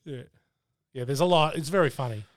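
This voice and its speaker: A man's voice: on the high side, brisk, a little hiss or hum. A man hosting a casual film podcast, blunt and sweary as he leads each segment. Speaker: podcast host.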